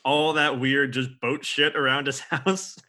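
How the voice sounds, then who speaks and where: A man's voice: mid-range voice, little pitch movement, unhurried, sharp tone. A man co-hosting a casual podcast about old films, chatty and self-deprecating, giggling between thoughts. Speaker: podcast co-host. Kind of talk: casual film discussion.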